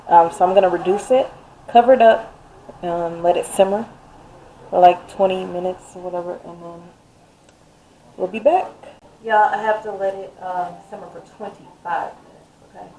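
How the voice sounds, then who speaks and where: A woman's voice: fairly low pitch, steady tone, normal speed, warm tone, slight background noise. A woman chatting casually to viewers while cooking in her home kitchen, calling them y'all. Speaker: cooking vlogger.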